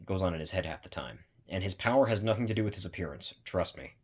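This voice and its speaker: A man's voice: low voice, lively intonation, fast talker, breathy edge. A man voicing a wry, knowing male shadow master in a fan story, speaking offhandedly.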